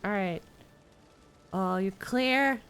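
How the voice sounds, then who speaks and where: A woman's voice: mid-range voice, extremely slow, a bit bright, clean tone. Chatty woman streamer reading game lines. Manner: reads game dialogue aloud, giggly and chatty. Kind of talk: casual game commentary.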